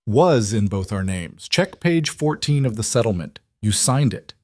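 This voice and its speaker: A low-voiced, matter-of-fact ex-husband who dismisses everything in short, clipped lines, put on by a male narrator. The voice is dry and close, with no room around it. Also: expressive, measured pace, no room sound. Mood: cold. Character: cold dismissive ex-husband, adult man.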